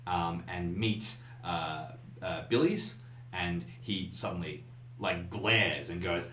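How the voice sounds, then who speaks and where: A man narrating a tabletop horror game as game master, halting with many fillers. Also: low voice, a bit bright, echoey room.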